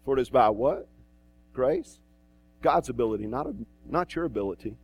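A man's voice: mid-range voice, animated, moderate pace, breathy edge. A male pastor preaching a sermon in a church, in a conversational way with asides and restarts.

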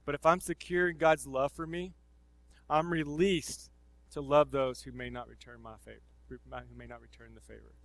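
A man preaches a sermon in a relaxed, conversational way, sprinkling in slang. His voice sits a little high, and he swings from loud emphasis to quiet murmured asides. The sound is close and dry. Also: moderate pace, no echo, low-quality recording.

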